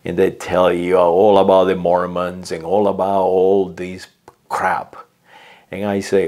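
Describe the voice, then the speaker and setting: Slow low-voiced man ranting. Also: monotone, darkish tone. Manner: slow, hesitant, repeats words and says "uh" often; lectures with acted quotes. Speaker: vlogger. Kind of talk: political rant.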